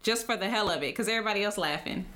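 A young adult woman hosting a podcast, reacting quickly in casual chat and wrapping up the episode. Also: medium pitch, a bit bright. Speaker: podcast host.

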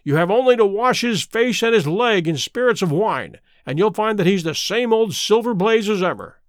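A man reading aloud as a calm, precise detective with a measured, unruffled manner. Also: sits high, no echo, clean studio sound. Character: calm, precise male detective, middle-aged.

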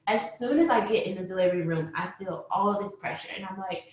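A young woman telling a personal story, animated, acting out what people said and laughing often. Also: mid-range voice, brisk, few pauses. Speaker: mother telling her birth story. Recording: very echoey room.

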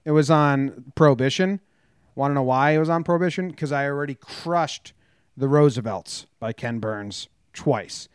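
A man co-hosting a relaxed sports podcast, ribbing his partner and hamming his way through the sponsor read. His voice sits at an ordinary pitch and sounds close and dry, with no room around it. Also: normal speed, clean tone, no room sound. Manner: joking, teasing, reads ad copy playfully. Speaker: podcast co-host. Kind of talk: casual sports chat.

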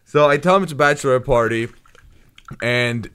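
A man's voice: mid-range voice, normal speed, fairly bright tone, clear, resonant tone. A man comedian telling a casual anecdote as a radio guest, acting out the back-and-forth. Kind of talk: storytelling on a radio talk show.

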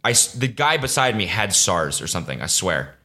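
A young man with a low voice talks off the cuff on his own podcast. He rambles and swears freely and sounds exasperated. Now and then he jumps into mocking voices. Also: big pitch swings, brisk, sharp tone. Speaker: podcast host. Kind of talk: casual solo podcast rant.

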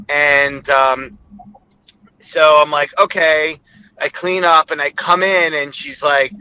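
A man's voice: a little high, bright, forceful tone, clear, resonant tone, low-quality recording. A man telling a long, explicit personal story in a rambling, casual way, often quoting others.

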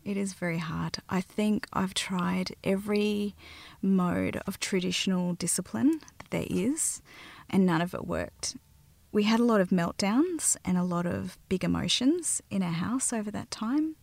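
An Australian mother telling her own story in a soft, halting way that often drops to a near whisper. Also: medium pitch, vocal fry, no echo. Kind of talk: personal storytelling interview.

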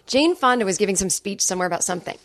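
A woman's voice: medium pitch, expressive, very fast, a bit bright, no echo. A woman comedian guesting on a podcast, talking casually and profanely, with many "like"s. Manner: chatty, profane, heavy on "like". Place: home podcast room.

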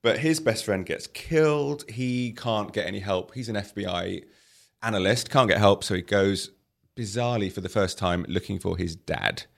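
Gravelly, wry man reviewing a film. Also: on the low side, normal speed. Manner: wry, sarcastic storytelling with punchlines. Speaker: arts editor reviewing films. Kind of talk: casual podcast film review.

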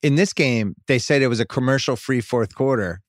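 A man's voice: medium pitch, a little fast, no echo. A man hosting a podcast in a studio, chatting casually about sports and prodding his guest with questions. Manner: conversational, probing questions, pushes the talk along. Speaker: podcast host.

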